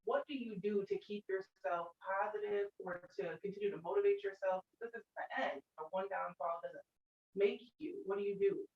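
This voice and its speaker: A woman's voice: medium pitch, normal speed. A woman co-host who is encouraging and asks questions. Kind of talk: casual chat. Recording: echoey room, dull sound.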